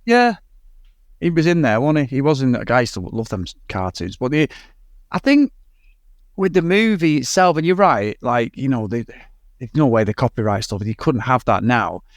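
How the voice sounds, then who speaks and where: A man's voice: mid-range voice, big pitch swings, normal speed, no echo, clean studio sound. A British man co-hosting a podcast, ranting animatedly and swearing about a film in casual chat. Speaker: podcast co-host.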